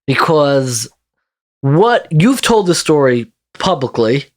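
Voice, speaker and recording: A man's voice: a little high, very animated, slow, no echo, clean studio sound. A man hosting a podcast and asking a guest thoughtful, probing questions. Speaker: podcast host. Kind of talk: interview questions.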